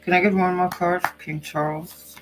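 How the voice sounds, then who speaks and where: A Norwegian man hosting a psychic channel gives a tarot reading in English, his second language, while nursing a cold. His voice sits high with little pitch movement, at a moderate pace, over a noisy background. He muses hesitantly, thinking out loud as he goes.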